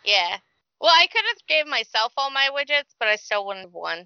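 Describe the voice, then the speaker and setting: A woman's voice: fairly high pitch, big pitch swings, normal speed, pushed and bright, dry recording, dull audio. A woman hosting a casual group podcast, upbeat and giggly. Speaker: podcast host.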